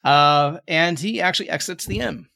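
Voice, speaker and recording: A man's voice: a little high, normal speed, vocal fry, pushed and bright, dry recording, studio quality. A man narrating a tabletop game as game master, in a casual, rambling way with lots of fillers.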